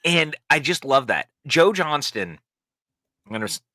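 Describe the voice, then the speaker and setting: A man's voice: on the high side, big pitch swings, a little slow, sharp tone, no echo, studio quality. A middle-aged man co-hosting a casual film review podcast, enthusiastic and laughing often. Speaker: podcast co-host.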